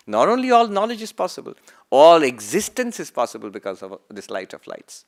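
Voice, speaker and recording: A man giving a spiritual talk as a monk, asking rhetorical questions, rising emphatically, then letting his lines fade softly. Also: on the high side, big pitch swings. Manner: rhetorical questions, emphatic rises and soft trailing endings; slow deliberate delivery with repeated phrases. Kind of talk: lecture-style sermon.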